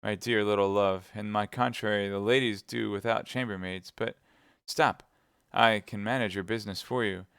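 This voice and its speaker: A gallant young swordsman, voiced by a male reader, earnest and reassuring. The sound is smooth and dry, close to the microphone. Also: lowish voice, steady tone, moderate pace, a bit bright, dry recording. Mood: eager.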